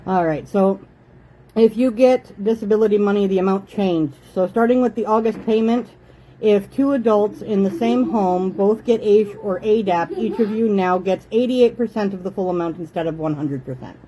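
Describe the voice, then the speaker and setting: A woman's voice: medium pitch, normal speed, warm tone, rough recording. A woman in her thirties from Canada hosting a casual chat at home, motherly and talkative, breaking off now and then to tell her kids to behave. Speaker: host. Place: home living room.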